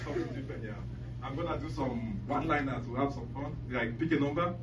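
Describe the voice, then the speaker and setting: A man's voice: mid-range voice, fast. A man doing a loose, profane stand-up set, often laughing at his own jokes. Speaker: stand-up comedian. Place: comedy club stage. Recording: echoey club from a far mic, loud noise.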